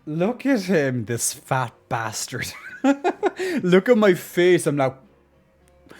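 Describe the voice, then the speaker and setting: Male streamer, casual chat, cheeky and laughing, mid pitch, faint music behind. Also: very animated, takes it slowly, a little mellow. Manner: laughs often, many restarts, joking and cheeky.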